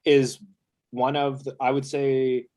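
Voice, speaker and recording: A young man co-hosting a podcast who keeps the casual hockey chat moving with relaxed questions and easy laughs. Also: medium pitch, slow pace. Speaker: podcast co-host.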